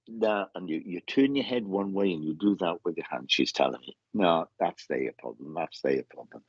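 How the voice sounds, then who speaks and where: Low husky man giving a reading. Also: dry recording. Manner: halting, repeats words often, calls the sitter mate. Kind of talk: casual spoken reading. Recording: dull lo-fi sound.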